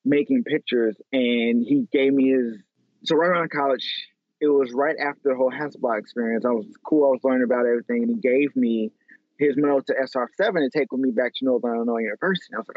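A man from Chicago in his thirties, a photographer telling animated stories with lots of fillers in a casual interview. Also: mid-range voice, dry recording. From Chicago, USA. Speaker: photographer guest. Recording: tinny phone-like line, dry.

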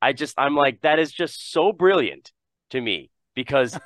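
Bright, laughing podcast host man. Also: mid-range voice, measured pace, no room sound. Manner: animated, laughs often, swears casually. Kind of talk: casual chat.

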